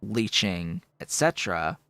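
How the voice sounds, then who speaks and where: A man streaming a game, explaining its mechanics out loud in casual commentary, thinking through them with fillers as he goes. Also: sing-song, a little slow, no echo. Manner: coos to his cat in a soft high voice between explanations.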